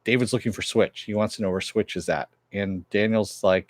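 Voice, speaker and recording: A man's voice: lowish voice, fairly even intonation, a little fast, dry recording. A man casually recapping and reviewing a TV episode, rambling with many fillers as he retells the plot.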